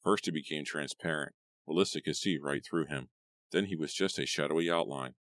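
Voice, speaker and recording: A man narrating an audiobook story with expressive storytelling. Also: extremely low pitch, fairly quick, no echo. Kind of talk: scripted narration.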